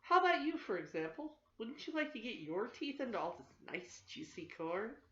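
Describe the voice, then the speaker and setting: A woman's voice: on the high side, sing-song, normal speed, bright, forceful tone. An older woman voicing a big, greedy, worried male crow in a storybook read aloud, fussy and confiding, in a roomy, slightly dull home recording.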